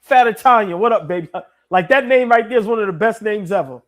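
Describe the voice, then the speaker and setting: A man's voice: sits high, quick pace. A young man co-hosting a live sports stream, sentimental and repeating himself as he thanks viewers. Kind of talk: emotional live stream chat.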